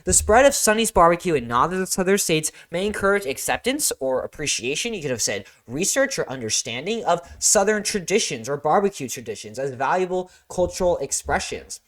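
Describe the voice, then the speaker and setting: A geography teacher walking through exam answers, reading each prompt and then explaining it with casual asides. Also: medium pitch. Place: lives in Florida.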